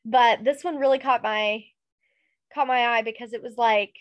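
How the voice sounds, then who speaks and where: A woman's voice: on the high side, fairly even intonation, moderate pace, no room sound. A young adult woman co-hosting a casual podcast, chatty and full of "like" and "um". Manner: chatty, filler-heavy with frequent "like". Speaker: podcast co-host. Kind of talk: casual chat.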